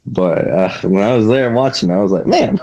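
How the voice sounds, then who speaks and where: Male podcast guest, low-ish voice, relaxed and quick to laugh. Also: highs cut off. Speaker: guest, independent wrestler. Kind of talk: casual podcast chat.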